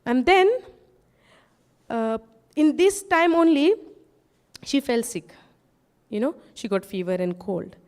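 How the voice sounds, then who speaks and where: A woman, giving a sermon testimony to a congregation, often asking them "yes or no?" and dropping low and soft in her asides. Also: very animated, takes it slowly, pauses often.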